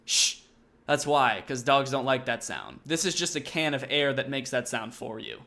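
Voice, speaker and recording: A young man in his twenties doing sarcastic comedy commentary on his channel, with deadpan mock enthusiasm. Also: mid-range voice, moderate pace, vocal fry. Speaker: comedy YouTuber.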